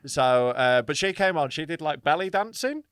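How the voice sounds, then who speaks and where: A man's voice: on the high side, animated, moderate pace, fairly bright tone, clear, resonant tone, no echo, clean studio sound. A man co-hosting a comedy podcast, telling a story in a sweary, playful way and acting out quotes. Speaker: podcast co-host. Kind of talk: casual comedy podcast chat.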